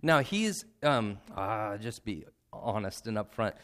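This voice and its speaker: A man's voice: lowish voice, animated, takes it slowly, fairly bright tone. A man, perhaps in his thirties, preaching a sermon in an earnest, conversational way, often adding "right?" and at times close to tears. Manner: earnest and emotional, nearly tearful at times; conversational, with frequent "right?" asides and repetition. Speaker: pastor.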